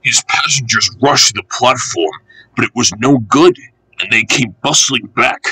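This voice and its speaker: A man reading a children's railway storybook aloud, expressive and animated. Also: mid-range voice, normal speed, husky, no room sound, low-quality recording.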